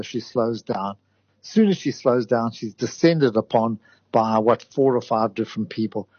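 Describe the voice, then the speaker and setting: A man, a radio guest talking in a measured, hesitant way with frequent ums. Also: mid-range voice, husky, dry recording. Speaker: guest commentator. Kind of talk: conversational radio interview. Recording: dry, dull lo-fi audio.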